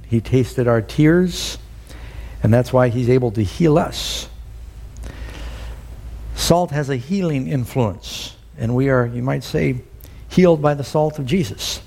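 A man's voice: mid-range voice, dark tone. A man preaching a sermon, telling a story and putting questions to the congregation. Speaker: pastor.

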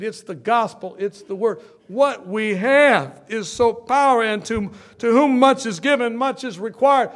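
High-voiced man preaching with emphatic bursts. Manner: emphatic preaching, swinging from loud bursts to soft storytelling. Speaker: pastor. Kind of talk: sermon.

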